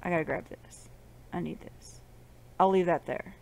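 A woman casually commenting while she plays a game, swearing and muttering to herself, with loud outbursts in between. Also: lowish voice, normal speed, creaky. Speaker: gaming channel host. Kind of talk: casual let's-play commentary.

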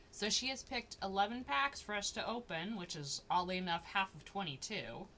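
A woman's voice: mid-range voice, pushed and bright, a little hiss or hum. A woman hosting a casual stream from her home, joking and teasing in a playful way. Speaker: streamer and host. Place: home room, noise from upstairs.

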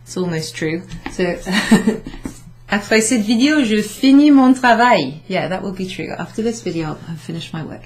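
A Welsh woman who teaches French gives beginners a casual recorded summary lesson, correcting herself as she writes on a board, mixing French and English with light laughs. Her voice is lowish at a moderate pace, with slight background noise.

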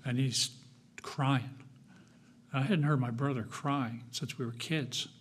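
A man giving a sermon at a church, telling his own story in a conversational, reflective way with frequent pauses and fillers. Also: mid-range voice, fairly even intonation, a little hiss or hum. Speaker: guest speaker. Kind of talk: personal testimony sermon.

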